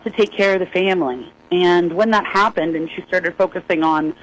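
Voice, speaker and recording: A woman in her sixties, a singer-songwriter guest, telling a story in a folksy, lively way and laughing often. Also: on the low side, moderate pace, slight background noise, poor audio. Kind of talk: animated storytelling.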